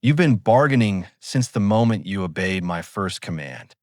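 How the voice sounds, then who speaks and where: A man voicing a calm, commanding, cruel spirit in the fog that knows too much. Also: low voice, moderate pace, no echo, studio quality.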